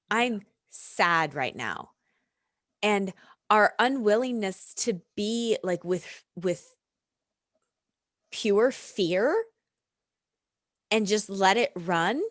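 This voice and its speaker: A middle-aged American woman, a yoga and reiki practitioner, talking in an unhurried, reflective way and laughing often in casual podcast chat. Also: medium pitch, no echo, clean studio sound. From United States.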